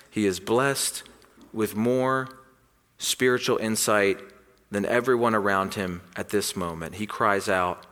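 A man preaching an earnest sermon, swinging between loud emphatic lines and hushed ones. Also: on the low side, measured pace, big-room sound. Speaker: pastor.

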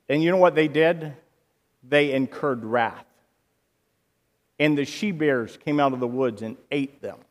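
A man preaching a sermon in an animated way, acting out quoted voices and rising to loud bursts. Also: mid-range voice, long reverb tail.

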